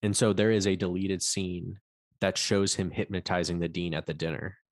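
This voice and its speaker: Deep-voiced man in casual movie chat. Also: flat delivery, normal speed, no echo, clean studio sound. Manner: loose and rambling, swears, acts out quotes. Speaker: podcast co-host. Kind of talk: casual film discussion.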